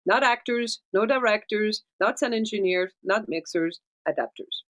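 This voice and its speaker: A woman, a dubbing producer, gives animated interview answers and keeps checking in with tag questions. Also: medium pitch, normal speed. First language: French. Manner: animated explainer, tag questions like right and okay.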